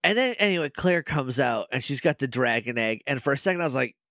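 Animated, lively podcast co-host man. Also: fast talker, dry recording, clean studio sound. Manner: animated, laughing, mimics characters in a low mumble. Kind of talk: casual chat.

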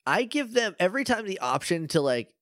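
A man co-hosting a podcast in casual chat, animated and laughing as he tells game stories. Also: high voice, a little fast, no room sound, clean studio sound. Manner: animated, laughing, quotes game characters in little voices. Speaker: podcast co-host.

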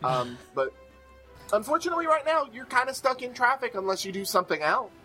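A game master narrating a tabletop game, setting scenes in a playful, drawn-out way. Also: medium pitch, big pitch swings, pushed and bright, faint music behind.

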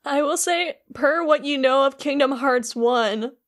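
A woman's voice: sits high, unhurried. A woman co-hosting a podcast, casually recapping a story and acting out the characters' lines as she goes. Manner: animated retelling with quoted character voices. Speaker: podcast co-host. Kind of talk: casual chat recapping a game.

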